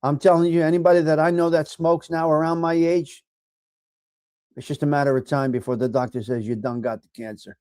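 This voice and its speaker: A middle-aged man with a New York accent hosting a casual live chat, giving blunt, profane tough love to viewers and swinging from low mutters to loud outbursts. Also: fairly even intonation, brisk, dry recording, studio quality. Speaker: livestream host reading chat.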